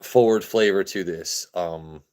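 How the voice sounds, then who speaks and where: Casual low-voiced American man. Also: measured pace, a little mellow, clear, resonant tone. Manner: joking, loose, reads chat aloud, stumbles and repeats. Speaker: livestream host reviewing whiskey. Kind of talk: casual live-stream chat.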